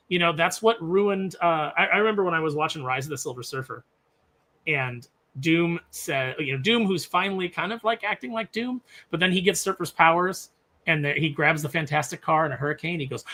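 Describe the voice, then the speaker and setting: A man with a bright, forceful voice and a somewhat high pitch, chatting casually on a podcast panel. He rants with sarcastic, animated energy and jumps between highs and lows. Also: fairly quick. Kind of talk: casual chat.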